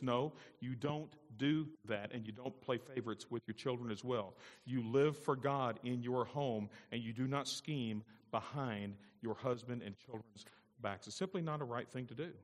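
A man's voice: mid-range voice, normal speed, long reverb tail. A man pastor delivering an emphatic sermon with call-and-response asides. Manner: emphatic, call-and-response, rising to loud peaks.

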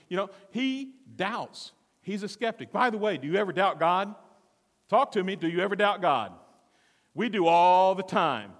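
A lively male preacher with a high voice that swoops widely, acting out scenes and firing questions at his listeners. Long reverb rings around him in a large hall. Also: normal speed. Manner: animated, theatrical, questions the audience. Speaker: pastor. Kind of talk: sermon.

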